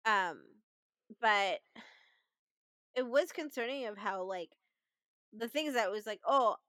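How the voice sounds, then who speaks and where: A woman's voice: medium pitch, takes it slowly, no room sound. A woman co-hosting a casual podcast, chatty and swearing, quoting people as she talks. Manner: chatty, swears freely, quotes people in lively voices. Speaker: podcast co-host. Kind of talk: casual movie discussion.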